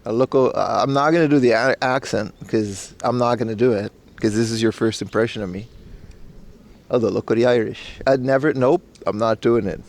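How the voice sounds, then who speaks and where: A low-pitched male streamer with a gravelly, fry-heavy voice, talking to his chat while walking outdoors. He rambles in a loose, slangy way and answers messages as he goes. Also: moderate pace. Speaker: IRL streamer. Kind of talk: casual live-stream chat. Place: outdoors in a park in Japan.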